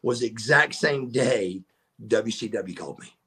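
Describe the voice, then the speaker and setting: A middle-aged man, a podcast guest telling stories in a casual, animated way and acting out the voices of the people in them. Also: mid-range voice, moderate pace. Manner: animated storyteller who acts out quoted voices. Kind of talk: casual storytelling.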